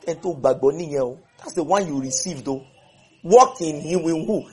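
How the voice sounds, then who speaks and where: A man's voice: on the high side, normal speed, husky. A man leading a Bible study, repeating verses and quizzing his listeners. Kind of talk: interactive Bible teaching.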